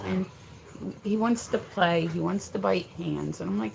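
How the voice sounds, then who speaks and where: A woman's voice: lowish voice, measured pace, vocal fry, a little mellow, a little hiss or hum. A woman chatting casually on a live stream from her home studio, exasperated and scolding, swearing casually. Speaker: livestreamer.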